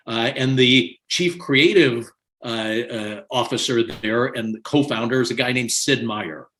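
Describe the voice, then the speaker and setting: An older man, a podcast guest, telling stories in an animated way and laughing often as he talks. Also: mid-range voice. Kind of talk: conversational storytelling.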